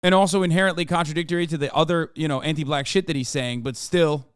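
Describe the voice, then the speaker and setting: A man streaming a reaction, talking casually with profane, mocking asides and bursts of excitement. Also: a little high, fast, clean tone, no echo, studio quality.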